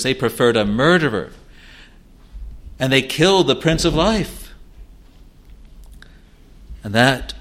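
A man preaching a sermon in an earnest, pleading way, swinging between loud urging and hushed low asides.

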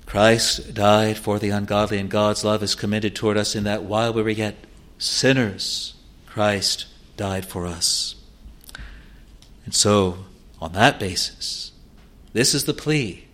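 Earnest low-voiced man preaching. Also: fairly even intonation, a bit bright. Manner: earnest, rises to emphatic pleading peaks; slow, deliberate delivery of scripture. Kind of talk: sermon.

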